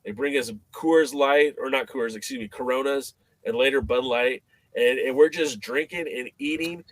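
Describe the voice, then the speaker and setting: A man as a podcast guest, telling a story in a casual, animated way, with many fillers and restarts. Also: mid-range voice, normal speed, no room sound.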